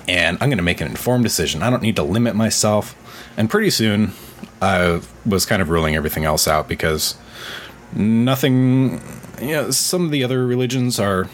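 A man's voice: fairly low pitch, slight background noise. A man in his thirties telling a personal faith story in casual talk, earnest and full of fillers. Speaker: podcast co-host.

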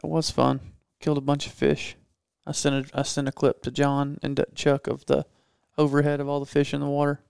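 A man's voice: fairly high pitch, completely flat delivery, fairly quick, creaky, hardly any pauses, darkish tone, clean tone, dry recording, studio quality. A young man with a Southern US accent, co-hosting a live stream in casual chat, laid-back and joking.

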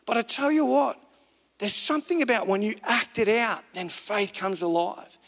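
Man, pastor, high voice, relaxed conversational sermon, lots of repeated phrases, long hall reverb. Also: moderate pace, vocal fry.

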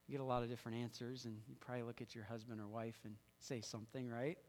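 A man's voice: mid-range voice, little pitch movement, fast talker, a little mellow. A man preaching a sermon as pastor, talking conversationally, repeating and restarting phrases and leading the congregation in call-and-response. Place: church sanctuary. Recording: long hall reverb.

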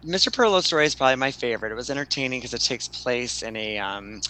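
A man's voice: medium pitch, animated, quick pace, bright, forceful tone, low-quality recording. A man casually retelling a story to a friend, rambling with lots of fillers and restarts.

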